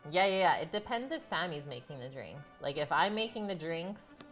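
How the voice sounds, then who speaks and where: A woman's voice: low voice, animated, normal speed, fairly bright tone, faint music behind. A woman hosting a live cooking stream, chatting and giggling with her viewers from her home kitchen. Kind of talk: casual live-stream chat while cooking.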